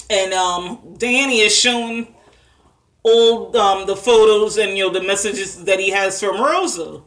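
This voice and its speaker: A woman's voice: mid-range voice, a bit bright. A woman recapping a TV episode in a casual chatty monologue, full of fillers and asides. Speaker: vlogger reviewing a TV episode.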